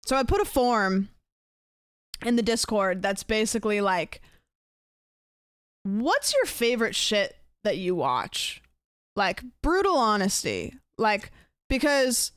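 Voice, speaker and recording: Young woman, streamer, casual rambling chat, smooth clear voice, dry close sound. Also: mid-range voice, no room sound. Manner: chatty and rambling, thanks viewers for gifts.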